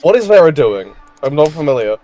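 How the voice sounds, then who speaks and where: A man's voice: on the high side, big pitch swings, a little fast, dark tone, dry recording, faint music behind. A man chatting during an online tabletop game, often stopping mid-sentence to correct himself, a little sheepish. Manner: hesitant, self-correcting, slightly sheepish. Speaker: player in a tabletop sports game. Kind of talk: casual chat while playing online.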